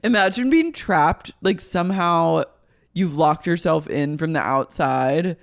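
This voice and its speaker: A podcast co-host riffing through a TV recap with animated, profane jokes. The voice has a gravelly, fry-edged texture and sits at a middle pitch. It is recorded close on a studio mic in a dry, dead room. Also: measured pace, dry recording. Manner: animated, profane, jokey banter. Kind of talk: casual chat recapping a TV episode.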